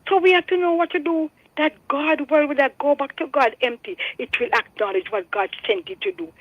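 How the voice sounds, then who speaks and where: Older Jamaican woman, phone-in caller, high voice, dry phone line, earnest and preachy. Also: a little fast, dry recording. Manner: earnest, preachy, repeats herself. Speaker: radio caller. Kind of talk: phone-in testimony. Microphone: telephone.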